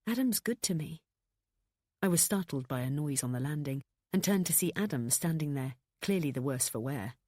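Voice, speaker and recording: A woman narrating a thriller audiobook in an even, measured storytelling manner. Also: a bass voice, dry recording, studio quality.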